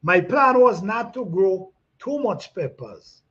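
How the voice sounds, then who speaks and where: A man hosting a gardening chat, reading out comments in a relaxed way, repeating himself and laughing often. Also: high voice, takes it slowly, breathy edge. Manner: laid-back, repeats phrases, laughs often. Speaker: gardening channel host. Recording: dull lo-fi sound.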